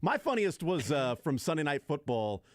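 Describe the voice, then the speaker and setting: A man's voice: a little high, sing-song, normal speed, no room sound, clean studio sound. Rambling male sports radio host. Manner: rambling, restarts, trailing asides. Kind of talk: casual sports talk radio.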